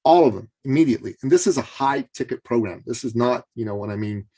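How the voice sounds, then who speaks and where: A man telling a story as an interview guest, animated and full of fillers and restarts. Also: medium pitch, fast talker.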